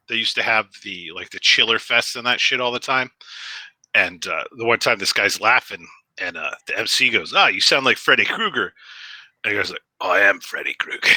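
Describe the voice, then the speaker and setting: A man's voice: mid-range voice, sharp tone, no echo. A man with a New Jersey accent co-hosting a casual comedy chat, telling stories between laughs. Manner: laughing storyteller, quick asides. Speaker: co-host.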